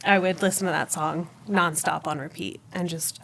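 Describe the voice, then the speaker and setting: Woman telling her faith story, animated. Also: deep voice, moderate pace, gravelly. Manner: animated storyteller, laughs often, acts out her own past words. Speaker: podcast guest. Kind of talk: personal faith testimony in conversation.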